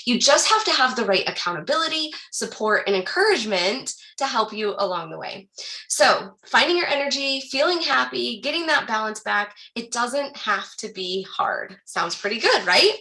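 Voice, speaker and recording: Upbeat woman coach with a bright, forward tone, rallying her workshop audience, then easing into soft breathing guidance. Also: on the high side. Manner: upbeat and encouraging, addresses the audience directly; slows into soft calm guidance during breathing exercise. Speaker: wellness coach leading a workshop. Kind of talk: live online workshop talk with guided breathing.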